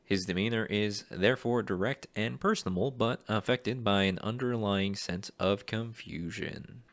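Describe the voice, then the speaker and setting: A man who wants to be a voice actor, reading casting calls aloud and thinking out loud in an unsure, rambling way. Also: lowish voice, normal speed, few pauses, no room sound, studio quality. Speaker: aspiring voice actor.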